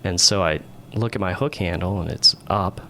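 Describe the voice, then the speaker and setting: A man with a very low, gravelly voice tells a story in a relaxed, rambling way. He is a naval aviator guesting on a podcast and keeps checking in with "right?". A faint hiss sits under the voice. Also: moderate pace. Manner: rambling, conversational, frequent "right?" tags. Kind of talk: casual storytelling interview.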